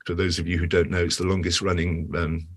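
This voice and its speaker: Deep-voiced older British man, rambling. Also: flat delivery, quick pace. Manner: rambling storyteller with many restarts and fillers; acts out quoted voices with big pitch jumps. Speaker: guest actor. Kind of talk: casual interview chat.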